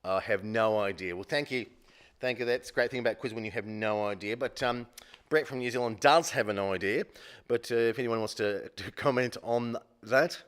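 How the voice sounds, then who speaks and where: Rambling, self-mocking quiz host. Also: male voice, mid-range voice, normal speed, clean tone. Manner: rambling, self-deprecating, many fillers. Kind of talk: live-streamed casual quiz hosting.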